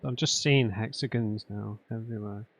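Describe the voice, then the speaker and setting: A man's voice: on the low side, fairly even intonation, moderate pace, fairly bright tone. A man doing let's play commentary, thinking aloud and muttering to himself while he works through a puzzle. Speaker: gamer.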